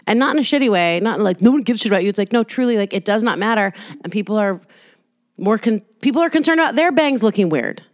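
A woman's voice: mid-range voice, expressive, fast talker, dry recording. Woman rambling on her solo podcast at home, sweary and candid, dry close sound. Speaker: podcast host. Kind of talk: casual solo podcast monologue. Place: apartment. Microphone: laptop.

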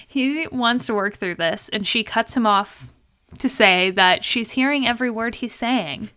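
A woman's voice: on the high side, slow pace. A young woman co-hosting a podcast, animatedly retelling a show scene by scene, slipping into quoted lines between laughs. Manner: animated storytelling, quoting people with laughs. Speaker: podcast co-host. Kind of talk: casual recap chat.

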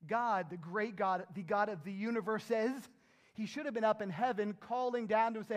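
A man's voice: high voice, normal speed. A middle-aged man pastor preaching a sermon in an earnest, emphatic way, pushing up to strong rises.

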